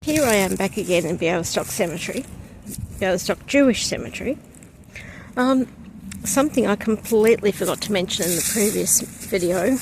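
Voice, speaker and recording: On a breezy day, a woman from outside Poland films herself on a handheld camera while strolling an outdoor cemetery, reflective and chatty, saying um often. Her mid-range voice has lively intonation at a normal pace, and there's background noise.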